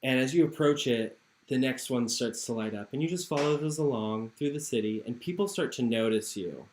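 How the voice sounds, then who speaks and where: A relaxed game master narrating a tabletop game and laughing along with the player. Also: medium pitch, brisk, roomy sound, slight background noise.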